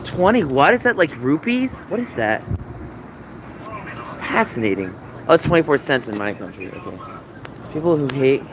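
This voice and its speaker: Male streamer, thirties, mid-pitched, chatty and emotional, talking live outdoors over loud traffic noise. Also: very animated, normal speed, pauses often. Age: 30s. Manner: chatty and emotional, reading out viewer comments. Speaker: livestreamer. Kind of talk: casual livestream chat. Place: city streets at night, outdoors. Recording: street noise behind. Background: city traffic noise.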